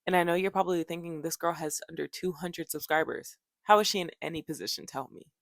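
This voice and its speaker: A woman's voice: on the low side, fairly even intonation, fast, no echo, studio quality. A young woman talking casually to her viewers in a vlog, chatty and playful, addressing them directly. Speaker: YouTuber. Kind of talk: casual vlog talk to camera.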